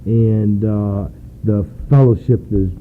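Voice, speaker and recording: A man's voice: lowish voice, fairly even intonation, slow. A man sharing at a recovery meeting, earnest and rambling, filling his talk with "you know". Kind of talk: personal share at a meeting. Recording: tinny phone-like recording with faint noise.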